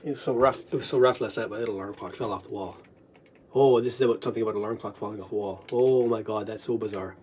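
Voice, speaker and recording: A person rambling through recalled memories in a solo recording, swearing constantly, swinging from muttering to loud outbursts, and breaking into coughing fits. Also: medium pitch, fairly even intonation, fast talker, slight background noise.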